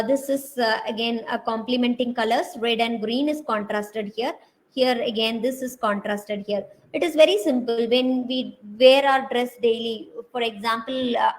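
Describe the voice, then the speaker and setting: A woman's voice: a little high, poor audio. A woman with an Indian English accent giving a university design lecture, talking through slide examples with many hesitant fillers.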